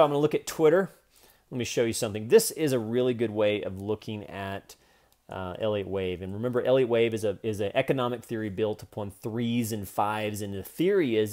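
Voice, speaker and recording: A man's voice: medium pitch, a little mellow. A man in his forties giving a loose, joking video lesson on day trading, with profane asides. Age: 40s.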